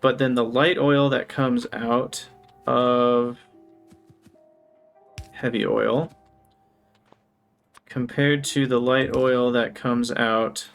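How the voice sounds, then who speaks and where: Male live streamer with some vocal fry, mid-pitched, talks through his plans and greets chat cheerfully. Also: level tone, drawn-out words, pauses often, faint music behind. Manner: thinks aloud while planning, brightens to greet chat. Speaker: game streamer. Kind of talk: live gameplay commentary.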